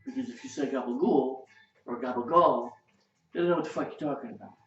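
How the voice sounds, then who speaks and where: A man's voice: fairly high pitch, racing, a little mellow. A man from outside New City, hosting a casual home cooking show and talking in a blunt, profane, chatty way. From outside New York City. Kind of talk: casual cooking demo with political rant. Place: home kitchen, indoors. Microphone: webcam. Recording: echoey, distant, muffled, faint music.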